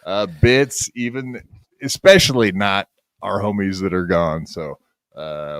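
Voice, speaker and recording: A man's voice: low-pitched, a little slow, no echo. A man hosting a podcast in casual banter, joking and self-mocking, rambling with many fillers. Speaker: podcast host.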